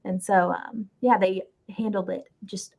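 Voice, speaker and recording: A woman's voice: mid-range voice, steady tone, unhurried, creaky, a little mellow. Chatty Southern woman co-host. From Southern United States. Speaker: podcast co-host. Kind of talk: casual fan recap chat.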